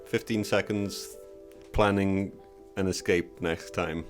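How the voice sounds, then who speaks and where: Calm low-voiced british player. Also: male voice, takes it slowly, faint music behind. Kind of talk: in-character tabletop chat.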